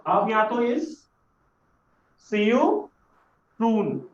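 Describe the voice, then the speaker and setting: A man teaching a beginners' French lesson, patient and repeating words slowly for learners. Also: high voice, sing-song. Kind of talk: classroom lesson explanation. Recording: echoey room, dull lo-fi sound.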